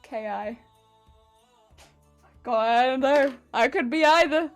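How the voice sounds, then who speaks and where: A woman chats casually with her stream viewers while she works on a cosplay, giggling often and teasing back at the chat. Her voice sits high. She talks at an easy, unhurried pace, with faint music under her. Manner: playful, reads and answers chat. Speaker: livestreamer.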